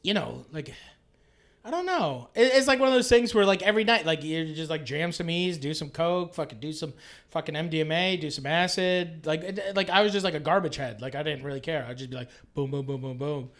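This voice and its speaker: A man from Canada in his late thirties, talking as a guest on a podcast. His voice sits high for a man. He rambles and restarts, swears a lot and leans on "like" constantly. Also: fairly quick, a bit bright. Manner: rambling and profane, full of filler "like"s. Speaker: guest chef. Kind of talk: casual podcast chat.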